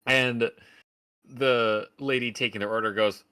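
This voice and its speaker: A man's voice: medium pitch, steady tone, normal speed, bright, forceful tone, clean tone. A man from Oregon giving a sarcastic, profane rant in a casual podcast film review. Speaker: podcast host.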